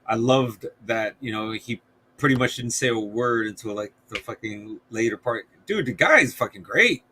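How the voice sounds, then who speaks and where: A man co-hosting a casual podcast, laid-back and halting, swearing casually. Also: mid-range voice, lively intonation, bright, forceful tone, slight background noise. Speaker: podcast co-host. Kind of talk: casual chat.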